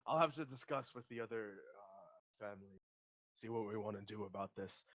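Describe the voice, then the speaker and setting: Man playing an older barbarian dad, measured, thoughtful, keeping his cool, lo-fi mic. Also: lowish voice, a bit bright, close to an everyday voice. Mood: concerned. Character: older barbarian father, calm but irritated.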